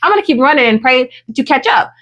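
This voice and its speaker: High-voiced woman telling a profane story. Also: highs cut off. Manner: animated, profane, fast-moving storytelling. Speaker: podcast co-host. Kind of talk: casual storytelling chat.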